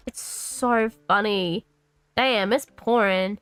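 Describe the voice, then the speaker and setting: High-voiced woman streamer rambling, swearing. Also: unhurried, a bit bright, no echo, soft background music. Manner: rambling, swears freely, talks to herself. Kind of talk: casual gaming commentary.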